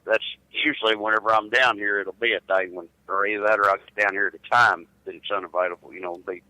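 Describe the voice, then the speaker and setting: Over a low-quality phone line with no echo, a middle-aged truck driver from the United States chats casually. He talks at a quick pace in a lowish, steady voice that sounds bright and forceful, drawling and restarting his words by repeating them at the start.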